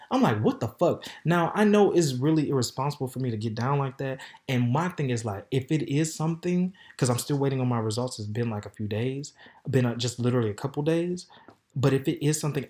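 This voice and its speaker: A man hosting a podcast, telling a candid story in a sassy, flamboyant way, with loud outbursts and low mutters. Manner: flamboyant, sassy, animated, calls listeners "baby" and "honey". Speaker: podcast host. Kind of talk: casual storytelling monologue.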